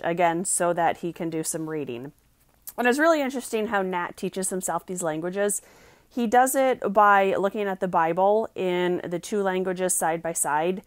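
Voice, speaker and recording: A woman's voice: on the low side, dry recording. A woman giving a casual, chatty book review and reading passages aloud.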